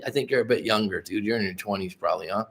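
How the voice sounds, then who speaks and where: A man's voice: on the low side, very fast. A man hosting a casual livestream as a life coach, rambling and swearing freely while talking to viewers in the chat. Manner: rambling, profane, addresses chat viewers directly.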